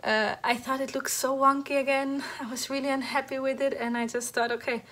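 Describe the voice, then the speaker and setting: A woman hosting a knitting podcast, chatting casually about her projects, halting with many fillers and restarts and a little out of breath. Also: high voice, level tone, a bit bright. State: slightly out of breath. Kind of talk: casual show-and-tell chat. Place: at home next to a heater.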